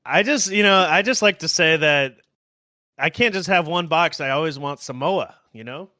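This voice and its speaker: A young man with a bright, somewhat high voice, co-hosting a podcast in easygoing chat. He jokes and laughs readily. The sound is dry and close, with no room around it. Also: animated, normal speed, dry recording. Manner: laughs easily, joking. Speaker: podcast co-host. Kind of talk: casual chat.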